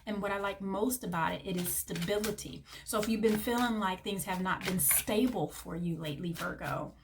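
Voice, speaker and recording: A woman reads tarot cards to camera in a plain, mid-pitched voice. She gushes with affection, calling the listener honey and baby as she walks through each card. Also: moderate pace, background noise. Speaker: tarot reader.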